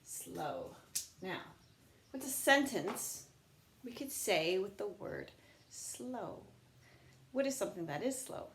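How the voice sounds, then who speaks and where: A woman teaching young children in an online lesson, slow and patient, sounding words out in a sing-song teacher voice. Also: medium pitch, expressive, background noise.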